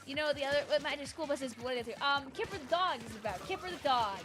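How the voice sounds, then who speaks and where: Woman, 20s, home game streamer; bright high voice, chatty and giggly, music playing behind. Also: fast. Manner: rambling, chatty, laughing often, reads out chat. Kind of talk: casual live-stream chat while gaming.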